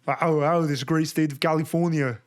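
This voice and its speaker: A man doing a loud impression of a muscleman actor turned governor, with a thick put-on accent. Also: steady tone, normal speed, close to an everyday voice. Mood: booming. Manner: loud, booming catchphrases.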